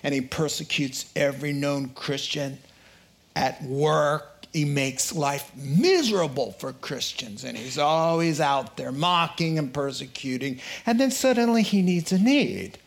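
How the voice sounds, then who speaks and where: A man preaching a sermon, telling a joke and acting out the characters in quotes with an animated delivery. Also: a little high, measured pace, gravelly.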